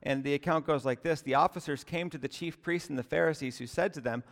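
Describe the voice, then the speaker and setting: A man's voice: fairly high pitch, fast talker, long reverb tail. A male pastor delivering a sermon, conversational and earnest, often asking the congregation rhetorical questions.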